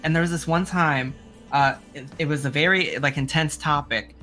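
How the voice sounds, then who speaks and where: Low-voiced, giggly woman streamer. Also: moderate pace, soft background music. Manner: giggly, expressive, trails off when searching for words. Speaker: streamer guest. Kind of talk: casual chat.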